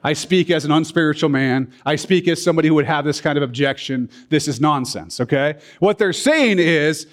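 A man teaching scripture in a lively sermon, his pitch swinging widely as he stresses each point. His voice sits a bit high, and he breaks in with blunt, emphatic asides while checking that his listeners keep up. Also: moderate pace, few pauses. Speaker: pastor teaching a Bible study.

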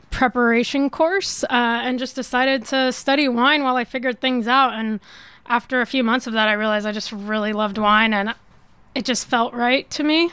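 A woman from the San Francisco Bay Area, a winemaker guest on a radio show, telling her story in a relaxed, measured way. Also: fairly high pitch, smooth, dry recording. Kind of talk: radio interview. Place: radio studio.

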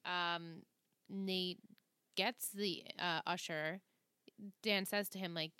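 A woman's voice: lowish voice, fairly even intonation, slow, pushed and bright, clear, resonant tone, no room sound, studio quality. A woman co-hosting a podcast, chatting casually and often agreeing with the others. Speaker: podcast co-host. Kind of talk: casual chat.

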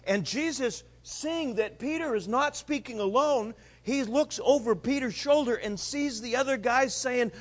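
A man preaching a sermon in an animated, conversational way with dramatic swings in his voice. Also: very high-pitched, a little slow, hardly any pauses. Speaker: pastor.

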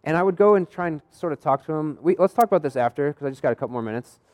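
The young adult pastor's pitch sits fairly high, his delivery animated and racing, his tone a bit dark. Preaching through chatty storytelling, he acts out the lines spoken by people in his stories.

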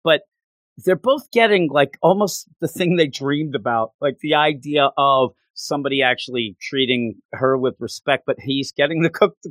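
A man's voice: mid-range voice, normal speed, a bit bright, no room sound. A man in casual chat, enthusiastically retelling story scenes and slipping into acted quotes. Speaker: co-host discussing a manga.

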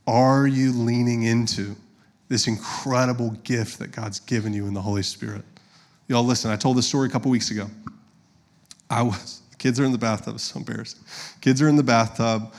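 A man's voice: mid-range voice, fairly even intonation, moderate pace. A man, preaching a sermon as a pastor in a conversational, storytelling way and addressing the congregation directly.

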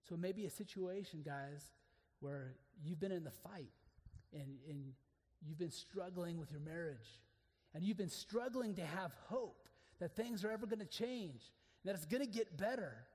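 A man preaching an earnest sermon to other men, moving between hushed, intimate passages and emphatic declarations. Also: high voice, animated, moderate pace, hardly any pauses, big-room sound.

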